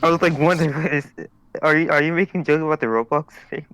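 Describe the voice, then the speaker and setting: A man's voice: a little high, fairly even intonation, quick pace, fairly bright tone, soft background music. A man chatting casually on a game stream, interjecting and laughing. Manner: giggly, interjecting. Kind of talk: casual chat.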